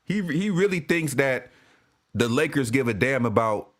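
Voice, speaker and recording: Animated ranting man. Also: medium pitch, normal speed. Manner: animated, profane, repetitive restarts. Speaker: sports fan commentator. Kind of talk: ranting vlog.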